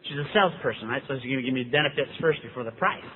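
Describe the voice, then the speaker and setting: A man's voice: mid-range voice, racing, slight background noise. A man from Dallas, Texas, telling his story to an audience in a folksy, wry manner, acting out the dialogue as he goes. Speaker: recovery speaker. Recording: tinny lo-fi hall recording.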